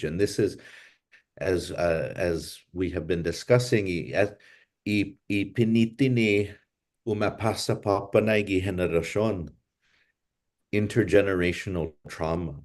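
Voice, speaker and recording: A man's voice: sits low, fairly even intonation, a little slow, a little mellow. A man hosting a language class over a video call, speaking in a thoughtful, reflective way and moving between Chamoru and English.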